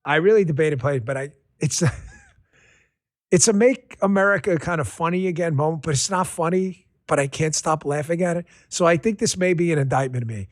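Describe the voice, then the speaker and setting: A high-voiced man hosts a political commentary podcast into a studio mic at normal speed. His sarcastic, excitable rant keeps breaking into laughter. The sound is dry and close, with no room in it.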